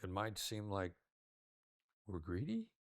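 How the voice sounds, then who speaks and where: A man's voice: lowish voice, huge pitch swings, slow, no echo, studio quality. An older man, a negotiation expert giving an interview, who talks in a demonstrative way and shifts his tone to illustrate his points. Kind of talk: interview conversation.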